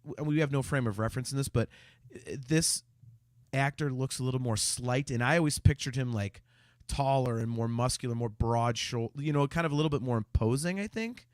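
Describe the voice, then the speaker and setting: A man of medium pitch speaks briskly in a clean studio recording without echo. He co-hosts a casual fan podcast, chatting hesitantly with stammering restarts and reading out comments left by viewers.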